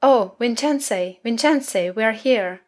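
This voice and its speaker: A woman's voice: medium pitch, unhurried, lightly acted. A woman voicing an eager young village boy in a storybook reading, who chatters in a stream of anxious questions. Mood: excited.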